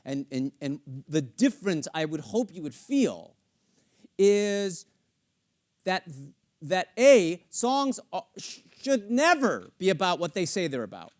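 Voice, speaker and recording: Middle-aged male composer, lively, playful, acts out lines, fairly high voice. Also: takes it slowly. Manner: animated, acts out lyrics and inner thoughts, swearing, playful. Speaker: composer coaching a singer. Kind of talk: live masterclass coaching. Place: theater stage with studio audience.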